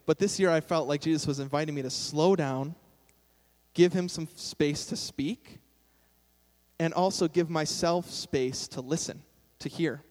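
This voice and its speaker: A man's voice: a little high, a little slow, a little mellow. A young man preaching a sermon in a casual, self-deprecating way, with sudden emphatic bursts. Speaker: pastor. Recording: long hall reverb.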